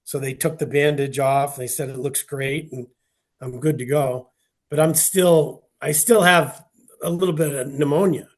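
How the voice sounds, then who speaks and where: Calm, matter-of-fact man. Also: on the high side, normal speed. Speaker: guest. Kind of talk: casual chat.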